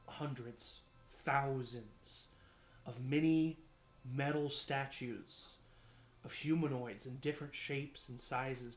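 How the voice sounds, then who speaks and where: A man narrating a tabletop role-playing game as game master, describing scenes in a slow, measured, atmospheric way. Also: medium pitch, echoey room. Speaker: dungeon master.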